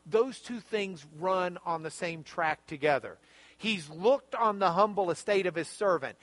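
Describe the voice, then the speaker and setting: A man teaching a Bible study lesson, explaining the text with animated, emphatic, repeating phrases. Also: high voice, a little slow, dry recording.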